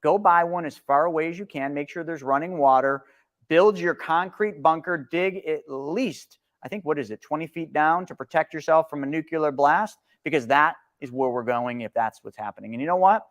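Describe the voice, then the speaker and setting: A man's voice: fairly high pitch, normal speed. Blunt, sarcastic male market commentator. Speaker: co-host. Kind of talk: live-stream market commentary.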